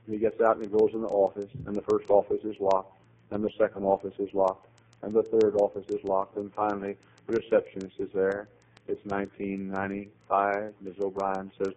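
A man's voice: fairly low pitch, monotone, moderate pace, rough recording. Rambling, storytelling male preacher. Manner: rambling storytelling, rising to loud exhortation. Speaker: pastor. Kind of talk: sermon.

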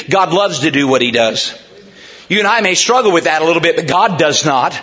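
A man preaches a sermon in a church, his voice high and ringing with brightness. He swings from soft, hushed lines to emphatic shouting. The recording is muffled and lo-fi. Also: expressive, brisk. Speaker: pastor. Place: church sanctuary.

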